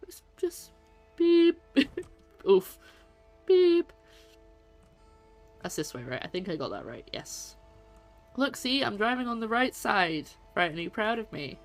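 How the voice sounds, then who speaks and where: A woman's voice: medium pitch, big pitch swings, normal speed, a bit bright. A woman casually chatting with her viewers as she plays a game, joking at her own expense. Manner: chatty, self-mocking, talks to chat while playing. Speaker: streamer. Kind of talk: casual let's-play commentary. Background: faint game music.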